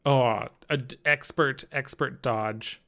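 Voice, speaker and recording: Male streamer, casual gaming chat, slow pace, gravelly fry, apologetic, laughs often. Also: mid-range voice, steady tone, pushed and bright. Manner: chatty, reads and answers chat.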